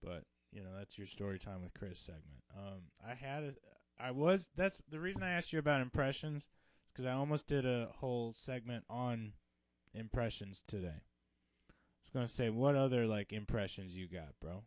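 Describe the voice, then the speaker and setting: A man co-hosting a comedy podcast, telling a story in casual chat, swearing freely and dropping to low mumbles. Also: expressive, normal speed, dry recording. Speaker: podcast co-host.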